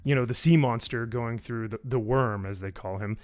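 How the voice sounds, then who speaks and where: A YouTube reviewer rants sarcastically on a casual live stream at normal speed. He's animated, uses lots of fillers, and mimics people in high voices.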